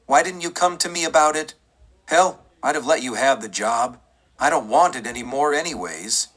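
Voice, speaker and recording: A man voicing an aging frontier sheriff who speaks gruff and plain. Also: mid-range voice, animated, moderate pace, a bit bright. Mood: urgent.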